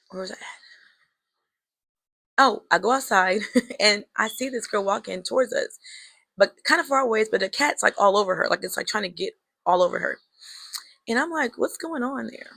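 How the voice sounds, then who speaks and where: A woman's voice: mid-range voice, measured pace, vocal fry, pauses often, fairly bright tone, no echo. A young woman telling a personal story to her viewers in a casual, chatty way, talking to them as girl and y'all and drawing a life lesson from it. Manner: reflective, draws life lessons.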